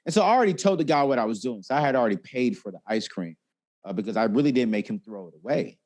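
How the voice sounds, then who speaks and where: A talkative man sharing personal finance lessons in an interview. He tells his stories with lively swings in his voice and acts out the people he quotes. His delivery is expressive and easygoing. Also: mid-range voice, fast talker. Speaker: guest, personal finance expert. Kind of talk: animated interview storytelling.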